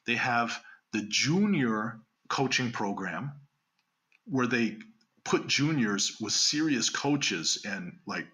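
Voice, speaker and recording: Canadian-raised guy telling magic stories in an interview, really bright voice, lively and laughing. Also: on the low side. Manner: animated storyteller, quick asides and laughs. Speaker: guest magician. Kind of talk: casual interview storytelling.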